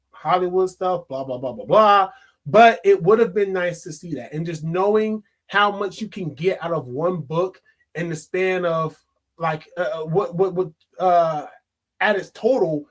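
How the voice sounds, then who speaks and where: Man, high-pitched voice, excitable, casual movie review vlog. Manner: excitable, animated, swears and laughs often.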